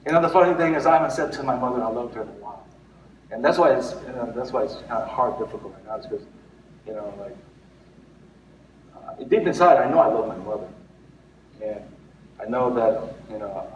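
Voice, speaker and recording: A man's voice: medium pitch, slight background noise. A man in his forties, a pastor, gives a conversational sermon full of restarts and fillers, sometimes tearing up. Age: 40s. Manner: conversational, many restarts and fillers, laughs at himself. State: tearful. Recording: echoey room, mic at a distance.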